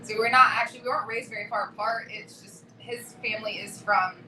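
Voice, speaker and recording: A woman's voice: fairly high pitch, steady tone, fast talker, bright, forceful tone. A woman weightlifter as a podcast guest, chatting candidly and laughing often. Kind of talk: casual podcast chat. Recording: roomy, distant mic with noticeable noise.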